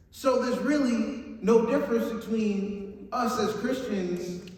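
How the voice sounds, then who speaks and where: A man's voice: high voice, slow pace, darkish tone. A young man preaching a youth sermon in an upbeat, chatty way, often checking in with his listeners. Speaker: youth pastor. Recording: echoey hall, mic far off, faint noise.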